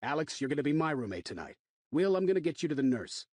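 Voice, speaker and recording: A man voicing a big, authoritative male resident advisor who speaks firmly and commands calm. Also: a little high, quick pace, no echo, clean studio sound. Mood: commanding. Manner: firm, commanding.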